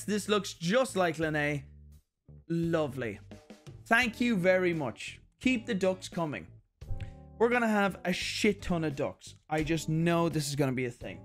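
A man's voice: high voice, a bit bright. An Irish man hosting a casual mail-opening vlog, crude and joking, with lots of swearing. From Ireland. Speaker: YouTube host.

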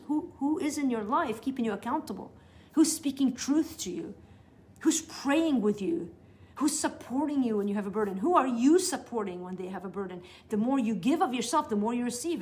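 A woman's voice: on the high side, a little mellow. A middle-aged woman giving a teaching session to new believers, talking in an earnest, conversational way with frequent restarts. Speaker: Bible teacher.

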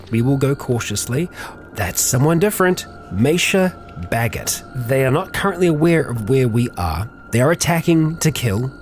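Calm, chatty man narrating a game. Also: medium pitch. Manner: calm, chatty, narrates in third person about his character. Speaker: let's play host narrating a survival game. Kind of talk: roleplay-style game commentary.

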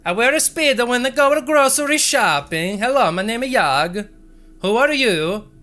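Guy doing a goofy cheery weirdo neighbor, high and silly, bright sounding. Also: expressive, normal speed, full character voice.

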